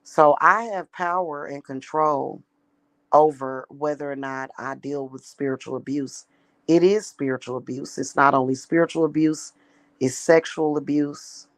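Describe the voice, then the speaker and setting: Woman, casual vlog monologue, rambling, repetitive, slow, gravelly, dry close sound. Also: deep voice, fairly even intonation, no room sound. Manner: rambling and repetitive, with emphatic restarts. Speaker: spiritual practitioner.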